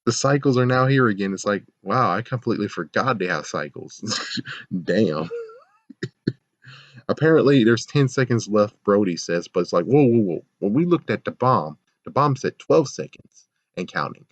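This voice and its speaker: A man's voice: fairly low pitch, lively intonation, moderate pace, no room sound. A man giving a casual episode review, ranting sarcastically, laughing often and swearing. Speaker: show reviewer. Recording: dull, lo-fi, dry sound.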